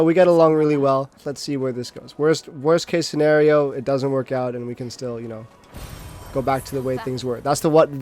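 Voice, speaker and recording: A man's voice: mid-range voice, darkish tone. A young adult man streaming, telling a personal story in a rambling, self-mocking way with frequent restarts and swearing.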